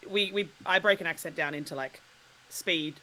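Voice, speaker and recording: Woman, Australian accent, bright voice, animated, laughs a lot, casual podcast chat. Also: on the low side, normal speed, a little hiss or hum, poor audio. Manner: animated, laughs often while talking. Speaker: podcast guest.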